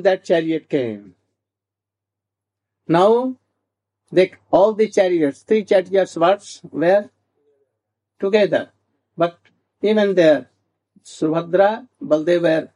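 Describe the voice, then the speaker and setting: A man telling a devotional story slowly, with halting restarts and asides asking "hmm?". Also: sits high, darkish tone.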